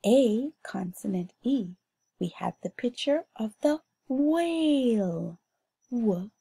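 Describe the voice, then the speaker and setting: A Bahamian woman teaching a phonics lesson to young children, sounding out words slowly and clearly in a sing-song way. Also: fairly high pitch, animated, dark tone.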